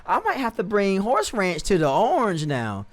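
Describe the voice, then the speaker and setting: A man's voice: high-pitched, huge pitch swings, moderate pace. Laid-back man chatting over gameplay. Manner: laid-back, slangy, corrects himself often. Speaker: streamer. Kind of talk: casual gameplay commentary.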